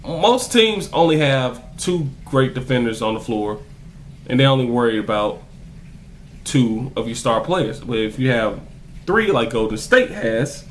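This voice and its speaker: A young man rants to his camera about his basketball team, heated and cursing, hammering each point twice. His voice sits at an ordinary middle pitch, with a faint hum of room ambience under it. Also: animated, a little slow. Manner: heated, profane, repetitive emphasis. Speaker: basketball fan vlogger. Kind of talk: ranting sports commentary to camera.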